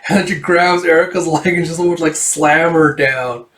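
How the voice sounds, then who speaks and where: A man's voice: on the high side, fairly even intonation, moderate pace, a bit bright. A man in a casual, rambling read-through of a comic, retelling the panels with many fillers. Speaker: comic reviewer. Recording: roomy echo, distant mic.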